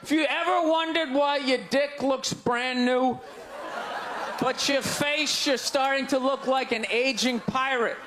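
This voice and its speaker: A man doing stand-up comedy, ranting loudly and incredulously, shouting his punchlines to an audience on stage with a handheld mic. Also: very high voice, steady tone, unhurried. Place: large comedy venue on stage. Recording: live show with crowd laughter and noise. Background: audience laughing and groaning.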